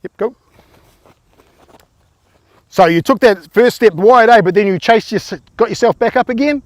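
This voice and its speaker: A man's voice: high voice, normal speed, no room sound. A man coaching rugby players through tackle drills, informal and encouraging, often quizzing them.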